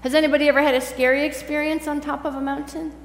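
A woman reads scripture, then preaches a conversational sermon in a large church sanctuary, chatting with the congregation and quizzing them directly. She talks fast in a high, flat voice, and the echoey hall carries a faint hum.

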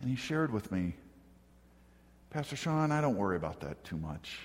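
Reflective pastor preaching in a reverberant hall. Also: male voice, on the low side, sing-song, moderate pace. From northern United States. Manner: reflective, conversational storytelling with gentle humor. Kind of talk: sermon.

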